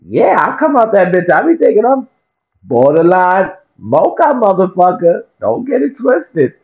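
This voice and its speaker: A man delivers a profane, comic vlog rant, circling back on the same lines for effect. His pitch swings widely as he talks. The recording sounds dull and lo-fi. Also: unhurried. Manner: profane, animated, repetitive rant. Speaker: vlogger. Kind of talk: comedic rant to camera.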